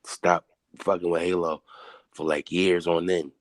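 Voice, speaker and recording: A man's voice: sits low, flat delivery, a little slow, dry recording. A man chatting on a podcast in a laid-back, slangy, profane way. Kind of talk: casual chat.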